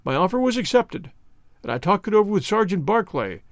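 A man reading aloud who voices a bitter, hunched old ex-soldier in a storybook, pitched higher than his own voice and given to vehement outbursts. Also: sing-song, brisk, no room sound, studio quality. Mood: reminiscing. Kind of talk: audiobook character reading.

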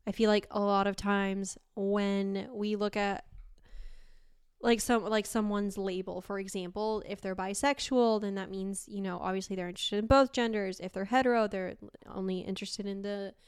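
A woman's voice: mid-range voice, steady tone, moderate pace, clean tone, no room sound, studio quality. A young woman from Argentina co-hosting a podcast, chatting casually, laughing often and swearing freely as she tells stories. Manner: giggly, storytelling, swears casually. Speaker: podcast co-host. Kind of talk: casual chat.

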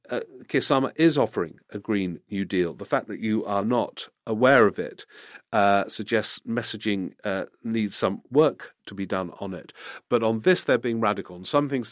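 A man's voice: lowish voice, dry recording, studio quality. A middle-aged man hosting a political podcast, answering listener questions in casual commentary and thinking aloud with restarts.

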